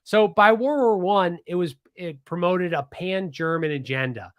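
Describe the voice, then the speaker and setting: Speaking a little slowly, a Pennsylvania podcast host narrates a historical story in an animated, informal style, often restarting and digressing. His voice sits a bit high for a man. The close, dry recording has no room sound.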